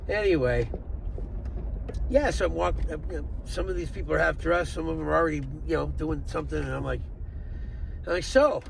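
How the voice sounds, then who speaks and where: Man, gravelly voice, rambling profane storyteller, faint vehicle noise behind. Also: fairly high pitch, brisk, pauses often. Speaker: vlogger. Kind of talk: casual storytelling monologue.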